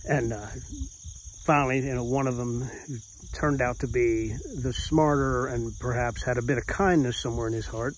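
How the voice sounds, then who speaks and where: A man's voice: medium pitch, fairly even intonation, moderate pace, slight background noise, low-quality recording. A middle-aged man telling a harrowing true story from his youth, intense and rambling, often restarting with "you know.".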